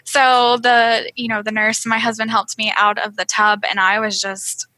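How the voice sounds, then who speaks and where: Young woman, podcast guest, earnest storyteller, bright voice, dry close sound. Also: fairly high pitch, normal speed, dry recording, poor audio. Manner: earnest, animated when quoting others, many fillers. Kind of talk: telling her birth story in an interview.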